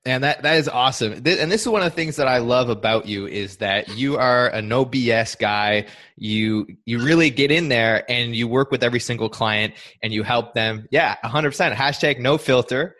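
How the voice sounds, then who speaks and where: A man's voice: mid-range voice, normal speed, a bit bright. A man hosting a casual podcast interview, upbeat and encouraging, asking long rambling questions. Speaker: podcast host.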